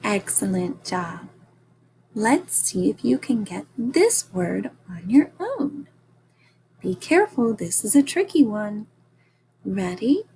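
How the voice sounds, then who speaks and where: Woman teacher, children's phonics lesson, encouraging, unhurried, faint background hiss. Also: medium pitch, very animated, dark tone. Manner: slow, deliberate, encouraging, sounding out each phoneme.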